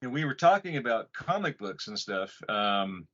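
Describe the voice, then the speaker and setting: A man's voice: fairly low pitch, moderate pace. A man co-hosting a podcast in casual chat, rambling and swearing freely. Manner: profane, rambling, animated. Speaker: podcast co-host. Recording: muffled lo-fi audio.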